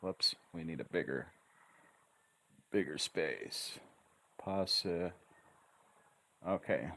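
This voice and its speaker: A man teaching English pronunciation on a livestream, stretching out syllables slowly and emphatically as he coaches learners. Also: a bass voice, expressive, vocal fry, a bit bright. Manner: slow, emphatic, drawn-out syllables. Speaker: English tutor. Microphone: livestream webcam mic.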